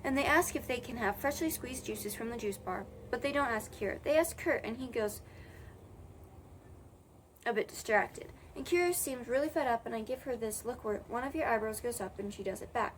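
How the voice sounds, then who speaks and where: A woman's voice: fairly high pitch, moderate pace, a little hiss or hum. A young woman reading a children's novel aloud in a casual way, correcting her own slips as she goes. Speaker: audiobook reader.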